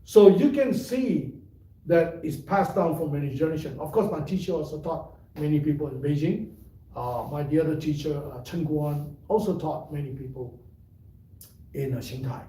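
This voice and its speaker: A male tai chi teacher giving an unhurried, explanatory live-stream talk with frequent fillers. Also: on the high side, warm tone. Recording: roomy sound, mic at a distance.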